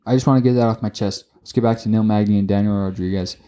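A man co-hosting a casual sports podcast, talking excitably, swearing often and tripping over his words. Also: on the low side, quick pace. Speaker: podcast co-host.

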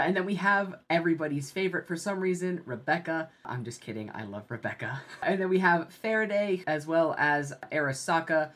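Very deep-voiced woman hosting a podcast. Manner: measured and deadpan, newscaster-like. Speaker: podcast host. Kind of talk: casual podcast chat.

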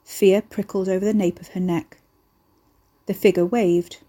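A woman's voice: medium pitch, steady tone, a little slow, mellow. Woman reading a novel aloud. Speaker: narrator.

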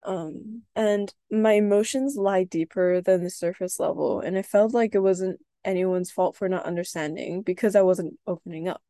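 A young woman hosting a podcast, talking earnestly about her own experience in a soft voice with hesitant restarts. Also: medium pitch, moderate pace, few pauses, no echo. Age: young adult. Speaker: podcast host. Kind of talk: personal reflective podcast talk.

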